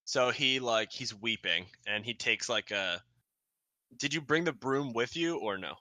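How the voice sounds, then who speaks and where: A man's voice: medium pitch, expressive, a little slow, pushed and bright, no room sound. A man running a tabletop game as game master, narrating in a loose, rambling way. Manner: loose and rambling, lots of restarts.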